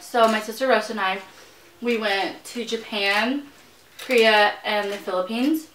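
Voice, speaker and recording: A woman's voice: mid-range voice, fairly even intonation, unhurried, a bit bright. A young woman guest in a casual mukbang chat who giggles, teases and asks lots of questions. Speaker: guest vlogger. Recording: echoey room, mic at a distance, faint noise.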